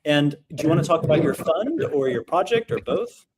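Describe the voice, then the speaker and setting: A man's voice: on the high side, expressive, fairly quick, heavy background noise. Upbeat rambling man hosting a livestream. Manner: upbeat, rambling, filler-heavy. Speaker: livestream showcase host. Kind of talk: casual online livestream hosting.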